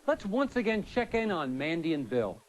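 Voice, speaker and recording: A man's voice: high-pitched, big pitch swings, moderate pace. An actor playing a smarmy, giggly male talk show host who bursts into laughter, in a satirical talk show comedy. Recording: studio audience and loud noise behind. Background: loud studio audience.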